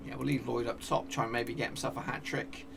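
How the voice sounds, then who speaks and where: A man giving excitable live commentary over a football management game, cheering at goals and talking to his players. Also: mid-range voice, a little fast, creaky, far from the mic, noisy background. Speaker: gaming YouTuber.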